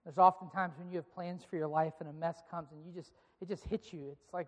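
Sitting high and moving fairly quickly, a pastor's voice fills a large church auditorium with long reverb. He preaches to the live congregation, playfully urging them to clap and say phrases back to him.

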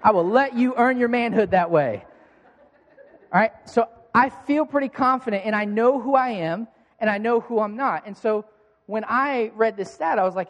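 A man preaching a sermon as a pastor, telling a self-mocking story in a lively way. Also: high-pitched, fairly quick. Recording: long hall reverb.

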